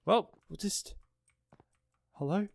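A man playing a horror game, talking himself through it, reading notes aloud, swearing and yelling at jump scares. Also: high voice, slow pace, gravelly, no echo. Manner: jumpy, swearing, screams at scares. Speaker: gaming streamer. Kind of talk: horror game let's play commentary. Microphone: desk microphone.

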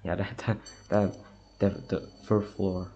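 A man's voice: deep voice, little pitch movement, slow pace, vocal fry, mellow, dull audio. A young man giving a let's-play commentary on a horror game, muttering to himself and reacting nervously to scares. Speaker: gamer.

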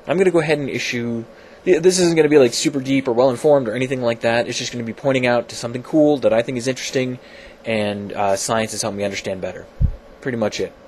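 A man's voice: medium pitch, fast talker, darkish tone, a little hiss or hum. A man talking casually in a science vlog from his home computer, rambling and self-deprecating, with many fillers and restarts. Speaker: video blogger.

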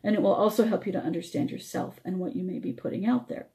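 A woman's voice: medium pitch, fast talker, dark tone. A woman radio host teaching spiritual energy techniques, explaining step by step while her voice struggles.

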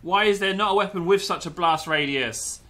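A man's voice: high-pitched, moderate pace, pushed and bright. A young man commentating gameplay with a lot of energy, yelping, laughing and slipping into pirate growls.

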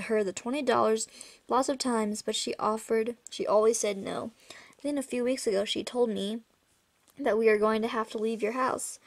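Brief: husky boy, sincere and hesitant, soft delivery, read by a woman. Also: fairly high pitch. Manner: quiet, halting and earnest.

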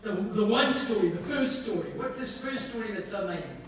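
A man preaching a sermon, often asking the congregation questions and swinging between emphatic lines and hushed ones. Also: high voice, animated, a little fast. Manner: asks the congregation repeated questions. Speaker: pastor. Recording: echoey hall from far off, faint noise.

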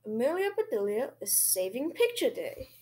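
A boisterous young schoolboy from a storybook who whoops with excitement, as a woman reading aloud puts him on. The voice is high and swooping, with a breathy softness. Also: moderate pace. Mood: excited.

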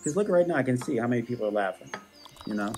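A man's voice: mid-range voice, expressive, racing, darkish tone, slight background noise. A man hosting a school morning show, reading out announcements in a playful, jokey manner.

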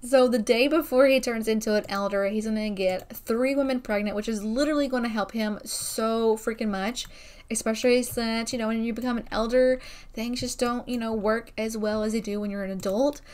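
A young woman hosting a gaming video, chatting excitedly through her gameplay with frequent exclamations. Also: a little high, a little fast. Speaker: gaming channel host. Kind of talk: casual game commentary.

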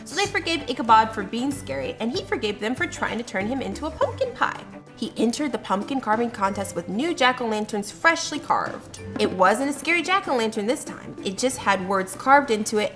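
A woman reading a children's story aloud in a playful, animated way, acting out sounds. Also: a little high. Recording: music under the voice.

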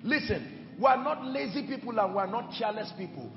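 Emphatic preacher in an echoing hall. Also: male voice, sits high, expressive, fairly quick, creaky, highs cut off. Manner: emphatic, swings from shouted to hushed. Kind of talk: sermon. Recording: echoey hall with music behind.

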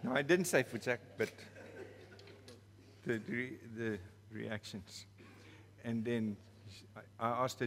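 A South African preacher telling a story from the pulpit, slow and unhurried, with a middle-pitched voice. He is playful and laughs at his own tale, and a long church-hall reverb trails every phrase. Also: fairly even intonation, a bit bright, a little hiss or hum. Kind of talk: storytelling sermon.

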